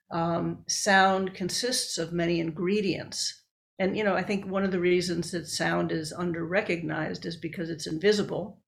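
Slow, gravelly-voiced woman researcher. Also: lowish voice. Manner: measured, explaining step by step. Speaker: researcher and book author. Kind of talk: explanatory interview talk.

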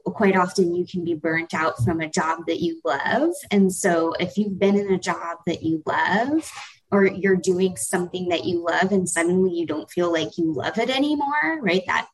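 Reflective woman with a low voice. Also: vocal fry, slightly rough, low-quality recording. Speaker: host. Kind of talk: webinar talk. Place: home office.

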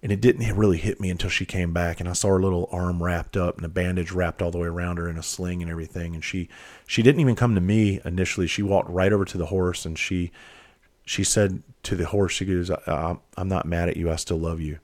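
A man with a very deep voice recounts a painful family moment. His telling is candid and profane. He halts and restarts often as the emotion presses in. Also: steady tone, fast talker, a little mellow. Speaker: father telling a personal story. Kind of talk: candid personal storytelling.

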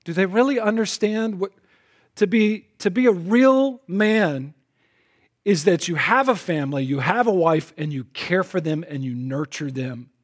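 A man delivers a sermon as a pastor with lively intonation and a measured pace. Emphatic throughout, he often repeats opening words and moves between loud, punching lines and hushed asides.

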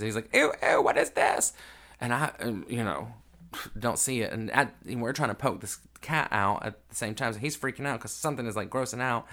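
A man's voice: mid-range voice, fairly bright tone. A man, hosting a podcast and telling a family story in a raw, emotional, unedited way. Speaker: podcast host. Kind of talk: casual storytelling monologue.

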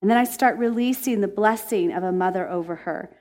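A woman's voice: mid-range voice, a little fast. Earnest woman telling a faith story. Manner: earnest, emotive, laughs when excited. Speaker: Christian speaker.

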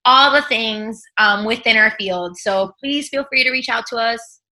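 A woman's voice: on the high side, unhurried, sharp tone. A woman co-hosting a podcast, encouraging listeners and inviting them to reach out. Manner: encouraging, upbeat, addresses listeners directly. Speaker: podcast co-host. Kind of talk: casual podcast chat.

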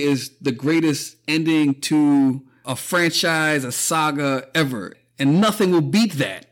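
A man with a somewhat higher-than-usual voice hosts a podcast in a casual, swear-heavy monologue. He is openly emotional, fighting back tears and breaking into laughter as he goes. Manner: emotional, profane, choking up with frequent laughs. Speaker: podcast host.

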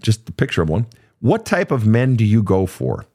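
A man's voice: lowish voice, sing-song, moderate pace, warm tone. A man from Minnesota hosting an advice podcast, answering listener questions in a blunt, profane, casual way.

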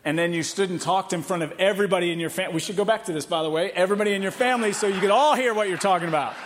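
Animated high-voiced male pastor. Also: rapid-fire, a little hiss or hum. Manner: animated storytelling with laughs. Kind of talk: sermon. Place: church hall.

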